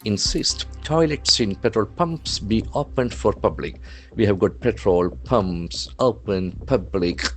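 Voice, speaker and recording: With soft music playing behind him, a male English trainer works through newspaper vocabulary, spelling each word out and repeating it for practice. His voice is on the low side and unhurried.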